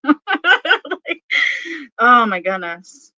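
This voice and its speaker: Slow, bright-voiced woman reading tarot. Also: medium pitch, no room sound, dull audio. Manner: rambling, full of fillers and laughter. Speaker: tarot reader. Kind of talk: casual tarot reading vlog.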